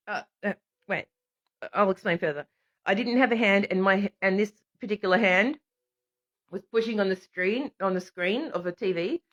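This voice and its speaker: Woman, livestream monologue, rambling and animated, mid pitch, dull lo-fi phone audio. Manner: rambling, animated, laughs often. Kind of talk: casual live stream monologue.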